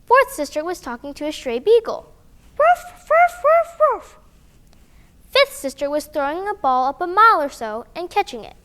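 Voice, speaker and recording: Animated woman reading a children's story. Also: high-pitched, a little fast. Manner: animated and expressive, with sound effects. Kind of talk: reading a children's picture book aloud.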